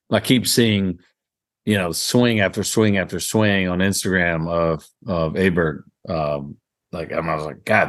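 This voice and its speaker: A man with a Southern drawl, co-hosting a golf podcast in a rambling, easygoing way with frequent laughs. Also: sits low. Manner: rambling, laughs often, lots of "I mean". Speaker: podcast co-host. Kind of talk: casual golf podcast chat.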